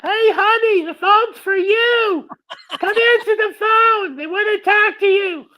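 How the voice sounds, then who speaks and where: A shrill old housewife calling out. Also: male voice, measured pace, exaggerated voice, poor audio. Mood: sweetly calling. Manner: sing-song, calling out loudly. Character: elderly housewife Betty calling her husband.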